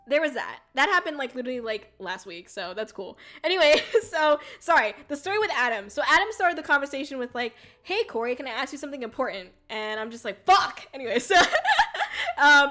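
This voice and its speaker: Bright, high-voiced woman telling a rambling story. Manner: rambling, lots of "like" and "um", swears, laughs often. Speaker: VTuber streamer. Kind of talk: casual storytelling rant.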